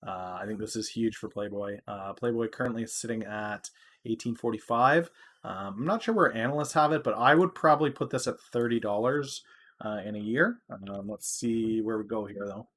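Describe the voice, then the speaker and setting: A man with a slightly low-pitched voice talks through the stock market on a podcast. He is loose and chatty, fills his talk with "uh" and "um," and gets louder when something excites him. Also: normal speed. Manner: loose and talky, many "uh"s, turns loud when excited. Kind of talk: casual market commentary.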